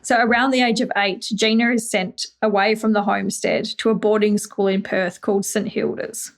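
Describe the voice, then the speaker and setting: A woman's voice: medium pitch, little pitch movement, moderate pace, vocal fry. Australian woman hosting a podcast. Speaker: podcast host. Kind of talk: narration and interview questions.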